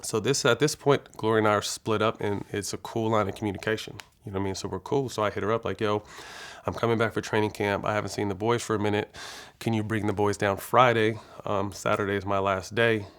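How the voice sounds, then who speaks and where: A man with a low, gravelly voice recounts a personal story as an interview guest. He talks in a loose, laid-back way, full of fillers and swearing. His tone stays casual and conversational. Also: fairly even intonation, fast talker, fairly bright tone. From California. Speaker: interview guest, former basketball player.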